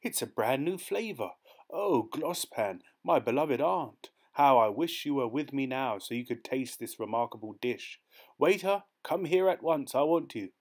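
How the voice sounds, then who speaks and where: A man voicing a naive, excitable seventeen-year-old boy who speaks in a fussy, formal way. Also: medium pitch, a little slow, voice pushed up. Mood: eager.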